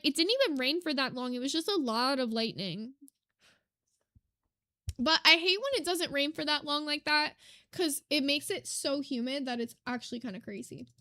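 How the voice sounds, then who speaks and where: A young adult woman streaming live, chatting casually with her chat, reading comments and getting excited, swearing casually. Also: high-pitched, no echo, clean studio sound. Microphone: desk mic.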